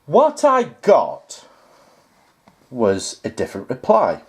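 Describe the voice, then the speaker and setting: Slow, lively-pitched exasperated man. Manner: reads comments aloud, then rebuts them point by point; sarcastic, exasperated. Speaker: YouTuber answering viewer comments. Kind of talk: casual talk to camera.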